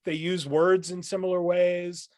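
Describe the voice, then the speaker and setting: A man's voice: sits high, little pitch movement, a little slow, darkish tone, no echo, studio quality. Thoughtful professor man explaining ideas. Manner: explanatory, lecturing, thoughtful with frequent um and restarts. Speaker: philosophy professor, guest. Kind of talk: podcast interview.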